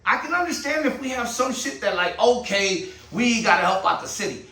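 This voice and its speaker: High-voiced man ranting in an echoey room. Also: animated, brisk, sharp tone, recorded from a distance. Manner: profane, heated, rhetorical questions. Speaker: channel host. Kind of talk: ranting monologue.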